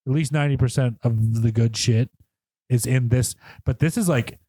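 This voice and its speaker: A man's voice: medium pitch, normal speed, warm tone. A man co-hosting a movie podcast, rambling casually and acting out lines from the film. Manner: rambling, laughs often, acts out movie lines. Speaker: podcast co-host. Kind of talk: casual chat.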